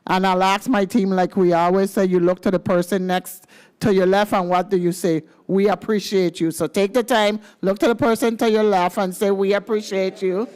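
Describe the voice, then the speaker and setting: A woman's voice: mid-range voice, fairly even intonation, moderate pace, darkish tone, smooth. Upbeat Virgin Islands woman speaking. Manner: upbeat, playful, leads chants. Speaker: government senior services official. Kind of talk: speech at a legislative ceremony.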